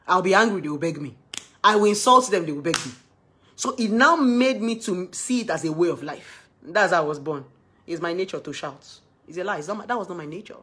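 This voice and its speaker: Emphatic husky-voiced woman giving advice. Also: fairly low pitch. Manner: emphatic, swinging between loud exclamations and soft asides. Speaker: relationship advice vlogger. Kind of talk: casual monologue to camera.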